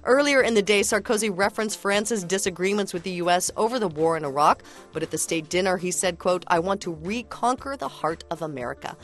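A woman reading the headlines on a radio news show, with a steady and formal delivery. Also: lowish voice, fairly quick, soft background music. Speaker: newsreader.

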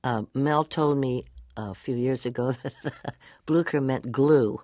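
A woman's voice: extremely low pitch, measured pace, mellow, no echo, studio quality. An older woman as an interview guest, telling anecdotes animatedly, laughing often and acting out whispered lines.

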